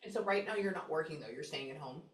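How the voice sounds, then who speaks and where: A woman's voice: low voice, fast. Woman from houston doing a psychic reading, chatty and jumpy, kinda far from the mic, echoey room. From Houston, Texas. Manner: chatty, animated, often breaks off to listen. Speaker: psychic medium. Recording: roomy, distant mic.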